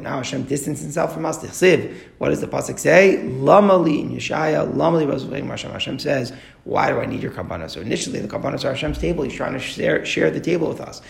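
Fast, gravelly male Torah teacher. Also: a little high. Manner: explains text line by line, asks rhetorical questions. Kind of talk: Talmud class lecture. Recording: echoey room.

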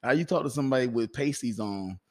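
A man's voice: mid-range voice, fast talker. A man co-hosting a comedy podcast, talking loosely and profanely in casual banter, laughing often. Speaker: podcast co-host, stand-up comedian.

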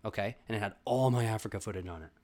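A young man telling a comedic story, animated and swearing, calling listeners bro and dude. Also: on the low side, rapid-fire.

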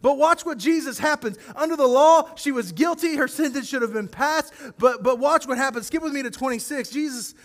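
A male pastor preaching a sermon, animated and acting out scripture scenes as he speaks directly to his congregation. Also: very high voice, fairly quick, few pauses, long reverb tail.

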